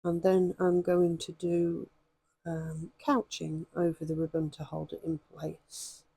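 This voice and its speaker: A woman with a hoarse voice, chatting and rambling with many ums as she demonstrates stitching in a craft vlog. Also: fairly low pitch, monotone, slow pace, dark tone, dry recording. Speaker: craft vlogger.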